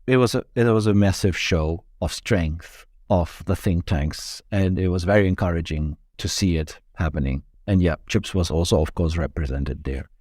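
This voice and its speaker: A man with a fairly low voice answers interview questions in a measured, explanatory way, laying out his points one by one. The sound is dry and close, with no room around it. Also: darkish tone, dry recording. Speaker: think tank executive director, interview guest.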